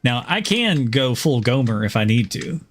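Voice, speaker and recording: This Southern US man speaks without a Southern accent, his mid-range voice swinging widely in pitch at a moderate pace over a little hiss or hum. He rambles through casual gaming stream chat, chuckling frequently and leaning on fillers.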